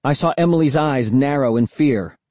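A man reading a first-person story aloud in a steady, suspenseful way. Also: medium pitch, moderate pace, no echo. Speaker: audiobook narrator.

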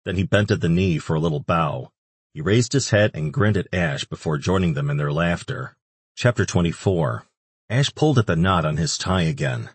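A man narrating an audiobook in a measured, even reading. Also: low voice, breathy edge, no room sound. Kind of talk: scripted narration.

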